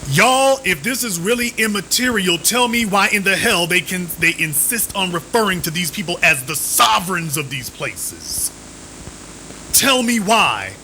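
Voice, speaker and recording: Emphatic man with a high, lively voice. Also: unhurried, slight background noise, poor audio. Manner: emphatic, repeats rhetorical questions, sarcastic. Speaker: live-stream host. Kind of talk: commentary.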